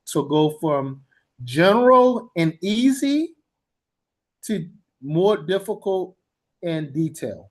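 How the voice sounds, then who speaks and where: A man's voice: a little high, sing-song, slow pace, pauses often. Emphatic man lecturing on teaching. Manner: emphatic, repeats points for stress; blunt and informal. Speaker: TESOL instructor.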